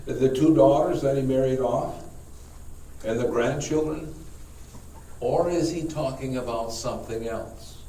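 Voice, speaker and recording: A man, a priest, leading a Bible study class, speaking haltingly, repeating words and putting questions to the group. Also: mid-range voice, dark tone. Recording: echoey room, mic far off, faint noise.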